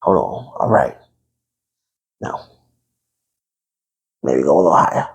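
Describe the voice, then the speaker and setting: A man's voice: very deep voice, lively intonation, slow, vocal fry, slightly rough. A man casually reviewing a movie to camera, chatty and playful, talking to his viewers. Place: room with a TV behind him.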